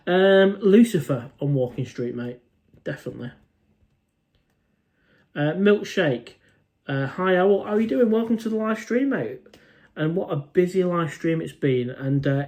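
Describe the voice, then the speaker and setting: A man's voice: a little high, gravelly, darkish tone. An English man hosting a casual live stream, chatting informally and reading out viewer comments. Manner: chatty, informal, says "mate" often.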